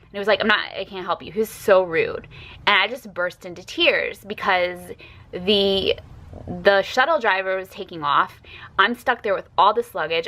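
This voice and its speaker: A woman recounts a story in a casual storytime vlog. Her voice is bright and forward, and she speaks emphatically and with indignation. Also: medium pitch. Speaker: YouTuber telling a story.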